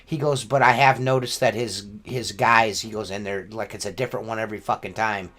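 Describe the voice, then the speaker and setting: A window cleaning business owner chatting on a podcast, rambling and profane, with constant "you know what I mean" fillers. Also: male voice, fairly low pitch, fairly even intonation, a little fast, fairly bright tone. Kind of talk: casual podcast chat.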